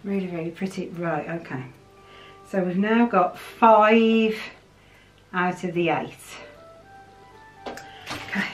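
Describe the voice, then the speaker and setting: A woman from the United Kingdom, chatting excitedly as she unboxes things for her channel. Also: lowish voice, takes it slowly, pauses often, faint music behind. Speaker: vlogger. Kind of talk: casual chat while unboxing. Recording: roomy sound from a distant mic.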